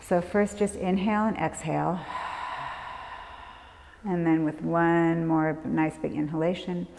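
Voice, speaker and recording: Calm yoga teacher woman, reverberant hall. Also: fairly low pitch, measured pace, gravelly, slight background noise. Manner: calm, gentle breath cues. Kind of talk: guided yoga class instruction.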